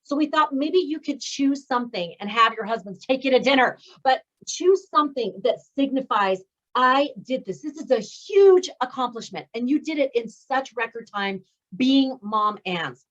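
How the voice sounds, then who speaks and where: A woman's voice: a little high, lively intonation, moderate pace, muffled recording. A woman hosting a speaking course graduation over a video call, praising and encouraging her graduates effusively. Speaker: speaking coach and course host.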